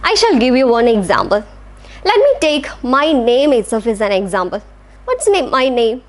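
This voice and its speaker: A woman with a high voice and an Indian English accent gives a recorded English lecture. She explains patiently, sounding out example words syllable by syllable. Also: sing-song, normal speed. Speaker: English teacher. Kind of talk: classroom lecture.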